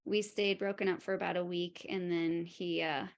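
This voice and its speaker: Frank storytelling woman with vocal fry. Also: lowish voice, level tone, normal speed. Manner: open and frank, laughs at herself, acts out what others said. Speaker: podcast guest. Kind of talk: candid personal storytelling.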